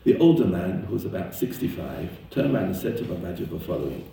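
Deep gravelly guy preaching, swings his voice all over, stories and all. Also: very animated, fast talker, mellow, a little hiss or hum. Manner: emphatic storyteller, voice leaps up when stirred. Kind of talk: sermon with stories. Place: lives in Israel. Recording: very echoey room, mic far off.

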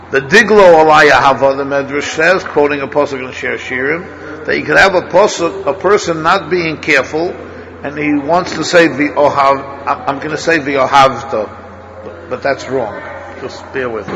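A man's voice: on the high side, gravelly, noisy background. A man teaching a Torah study class as a rabbi, thinking aloud, asking his students questions and restarting his sentences often.

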